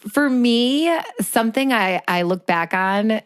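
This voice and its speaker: A woman's voice: on the high side, lively intonation, slow, clear, resonant tone, dry recording, clean studio sound. Earnest, emotional woman podcast co-host. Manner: emotional, earnest, laughs through tears. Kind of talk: casual heartfelt chat. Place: small indoor room.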